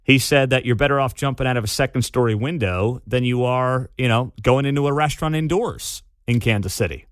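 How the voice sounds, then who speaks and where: A man's voice: medium pitch, brisk, few pauses, no echo. A man hosting a talk radio show, sarcastic and scornful in an opinionated monologue at a studio mic. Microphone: studio microphone.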